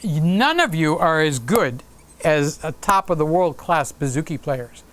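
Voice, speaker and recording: Playful guy hosting a live stream, takes his time, smooth clear voice, jokey with the chat. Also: on the high side, sing-song, a little slow, fairly bright tone. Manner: playful, reads out and sings viewer comments. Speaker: livestream host.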